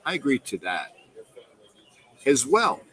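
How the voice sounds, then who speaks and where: A man's voice: mid-range voice, sing-song, slow, a bit bright, poor audio. Middle-aged male host, casual livestream, rambling delivery, repeats lines, mid-range voice. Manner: rambling, repeats himself, reads viewer comments aloud. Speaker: host of a fan call-in livestream. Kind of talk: casual live-stream fan talk.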